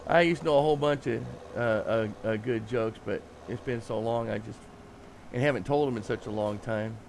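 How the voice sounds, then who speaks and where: A man's voice: medium pitch, normal speed, a little mellow, a little hiss or hum. A man streaming a farming game, chatting casually and rambling with fillers and chuckles. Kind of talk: casual live-stream chat.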